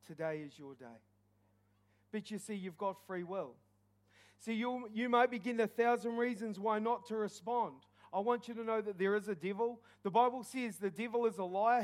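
A man, preaching as pastor at a church service, telling his own testimony with rising passion and leading an altar call. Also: high-pitched.

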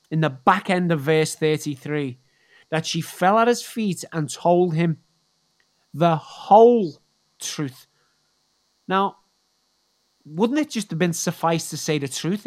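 A preacher giving a sermon in a deliberate, emphatic way, repeating key words for weight. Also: mid-range voice.

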